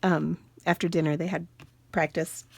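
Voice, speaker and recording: A woman's voice: lowish voice, little pitch movement, moderate pace, creaky, darkish tone, slightly rough, no echo. A woman in her forties hosting a casual card-making tutorial, chatting and telling rambling family stories with laughing asides as she works. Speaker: card-making channel host.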